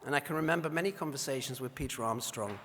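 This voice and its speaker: A man's voice: medium pitch, fast, a bit bright. A man presenting an award at a dinner, telling wry anecdotes in an after-dinner speech, recorded in a large banquet hall. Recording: reverberant hall.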